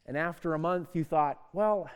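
A male preacher with a notably high voice delivers a sermon to young people. He builds to loud, emphatic peaks and often stumbles and restarts mid-sentence. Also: moderate pace. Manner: frequent stammered restarts.

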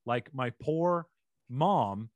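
A man's voice: mid-range voice, expressive, drawn-out words, slight background noise. A man hosting a comedy podcast over a remote call, joking and ad-libbing playfully in casual chat. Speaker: podcast host.

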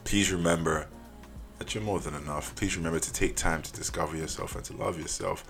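Low gravelly young man hosting a podcast. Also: brisk, fairly bright tone, faint music behind. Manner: casual, earnest, says "man" often, trails off and restarts. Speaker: podcast host. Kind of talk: solo podcast monologue.

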